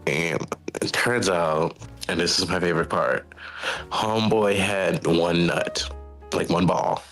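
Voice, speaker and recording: A man's voice: sits low, steady tone, slow, fairly bright tone, soft background music, rough recording. A man hosting a stream, telling a long story in casual, profane, rambling chat. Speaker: streamer host.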